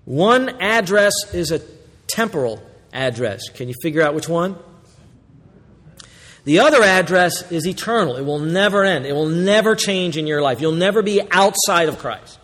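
A man preaching a sermon as pastor, moving between hushed, quiet lines and loud, excited exclamations. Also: fairly high pitch, moderate pace, long reverb tail.

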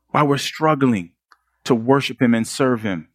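A male pastor delivers an earnest sermon, firing rhetorical questions at his listeners. His voice sits in a middle pitch. The sound is dry and close, with no room echo. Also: a little slow.

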